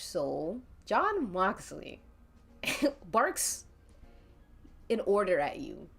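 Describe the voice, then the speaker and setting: Giggly woman narrating slowly. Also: on the low side, gravelly. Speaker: streamer narrating an interactive story. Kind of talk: casual story narration.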